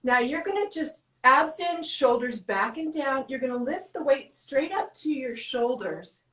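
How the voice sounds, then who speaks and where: A woman fitness coach guiding a workout with quick, encouraging cues, out of breath. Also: sits high, animated, fairly bright tone, roomy sound, low-quality recording.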